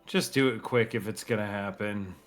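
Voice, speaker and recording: A man running a tabletop game as dungeon master, narrating with hesitant pauses and laughter. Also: lowish voice, soft background music.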